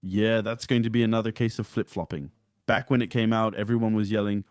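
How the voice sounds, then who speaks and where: A man's voice: lowish voice, fairly even intonation, brisk, darkish tone, clean tone, dry recording, clean studio sound. A man co-hosting a podcast in casual chat, blunt and opinionated in how he talks. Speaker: podcast co-host.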